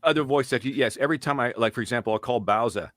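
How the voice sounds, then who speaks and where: A man being interviewed about his voice-acting work, telling lively stories and dropping into voices now and then. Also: mid-range voice, quick pace, no room sound, studio quality. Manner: animated storyteller, slips into character voices. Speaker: voice actor guest. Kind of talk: casual interview.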